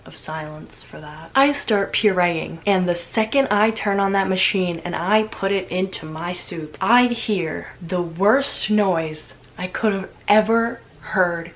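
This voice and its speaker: A young woman vlogger telling a story in a casual, animated way, with lots of swearing and chatty fillers. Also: on the low side, slow pace, few pauses, low-quality recording.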